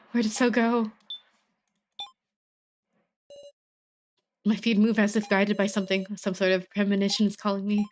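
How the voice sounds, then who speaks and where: A woman's voice: medium pitch, little pitch movement, fairly quick, darkish tone, a little hiss or hum, lightly acted. A woman voicing a despairing teenage girl heroine in a game, reading her earnest inner monologue. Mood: shaken.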